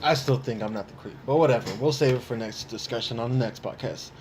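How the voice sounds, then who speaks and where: A man's voice: mid-range voice, fast talker, a little mellow. A man co-hosting a casual podcast, telling rambling stories and bantering defensively with friends. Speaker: podcast co-host. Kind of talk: casual chat. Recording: faint background noise.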